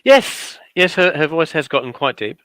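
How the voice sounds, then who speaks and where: A man's voice: a little high, big pitch swings, moderate pace, fairly bright tone, no echo. A middle-aged man with an Australian accent giving playful, teasing commentary on a casual craft livestream. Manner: playful, teasing, dry asides.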